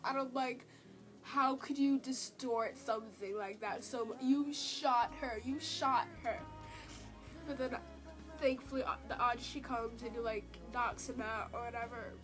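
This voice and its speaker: A woman with a high voice and a stuffy, nasal tone from a cold talks through a drama she loved, emotional and rambling, full of fillers. Her voice comes through a tablet's built-in mic, with music plainly audible underneath. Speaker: drama reviewer. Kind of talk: casual spoken review.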